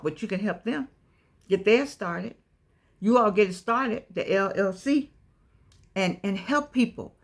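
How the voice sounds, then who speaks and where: Preachy woman with rising emphatic bursts. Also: mid-range voice. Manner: preachy, repeats herself, wanders off mid-thought; sudden emphatic stretched-out words. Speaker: online motivational speaker. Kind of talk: casual direct-to-camera talk.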